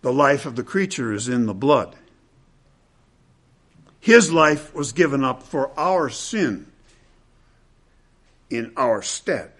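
A man preaching an expository sermon, repeating key phrases and swinging between loud, emphatic peaks and hushed, low passages. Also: animated, slow pace, long pauses.

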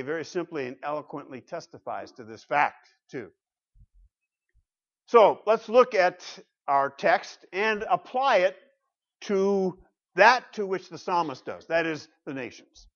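A man's voice: a little high, a bit bright. A middle-aged man preaching a sermon as pastor, emphatic, asking the congregation rhetorical questions. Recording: dull lo-fi sound.

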